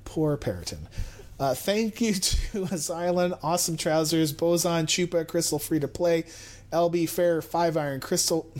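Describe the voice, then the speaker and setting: A man hosting a podcast in casual chat, rambling and self-deprecating as he thanks supporters. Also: a little high. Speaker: podcast host.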